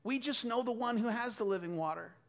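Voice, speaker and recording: A man in his thirties preaching a sermon, telling stories and swinging from loud bursts to quiet asides. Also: very high voice, a little fast, creaky. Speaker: pastor.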